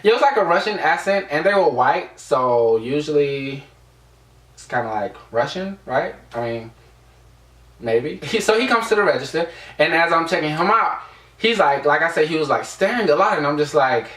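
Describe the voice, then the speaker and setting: A man's voice: on the high side, lively intonation, moderate pace, a bit bright, recorded from a distance. Rambling young man, echoey room. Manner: rambling, lots of fillers. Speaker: vlogger. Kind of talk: casual storytime vlog. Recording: echoey room, away from the mic.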